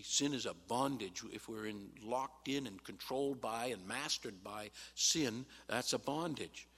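Male pastor, mid-pitched, emphatic sermon teacher with "uh" pauses, recorded in a church sanctuary with long reverb. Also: fairly bright tone. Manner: emphatic Bible teaching with frequent "uh" pauses, rising sharply on quoted replies.

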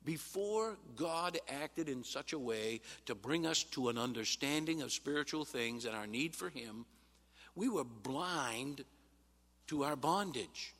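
A man's voice: mid-range voice, expressive, a bit bright. Man preaching in a reverberant hall. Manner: emphatic Bible teaching with frequent "uh" pauses, rising sharply on quoted replies. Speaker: pastor. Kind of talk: sermon.

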